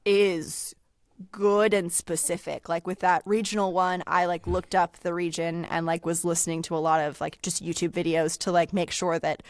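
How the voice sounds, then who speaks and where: Chatty woman voice actor, slightly low. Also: flat delivery, normal speed, dry recording. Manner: chatty, many filler likes. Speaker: guest voice actor. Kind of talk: casual interview chat.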